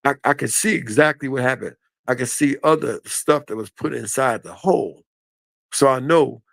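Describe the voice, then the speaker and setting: An older man telling a story in a casual, animated and folksy way on a live stream. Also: mid-range voice, no room sound.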